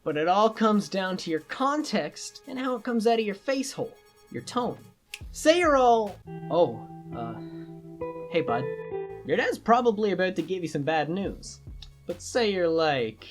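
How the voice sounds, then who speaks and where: Young woman, sarcastic and crude comic explainer, bouncy swooping pitch, faint music behind. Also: expressive, normal speed. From Canada. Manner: sarcastic, playful and crude, slipping into mock voices. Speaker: YouTuber. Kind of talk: comedic explainer monologue.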